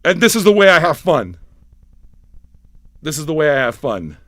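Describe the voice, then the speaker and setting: A man hosting a livestreamed record show, ranting with constant swearing, yelling and mocking impressions. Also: a little high, sing-song, moderate pace, no room sound. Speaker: livestream radio DJ. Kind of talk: profane comic rant.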